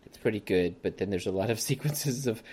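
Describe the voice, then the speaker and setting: A man's voice: on the low side, lively intonation, a little fast, mellow, breathy edge. A man hosting a casual podcast about a movie, rambling and laughing often. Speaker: podcast host. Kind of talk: casual movie review chat.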